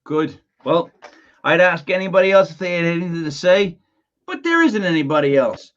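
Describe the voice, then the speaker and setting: A man's voice: on the high side, animated, normal speed, a bit bright, highs cut off. A man hosting a casual sports podcast, talking in an emphatic, conversational way and sometimes repeating words as he starts a sentence. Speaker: podcast host.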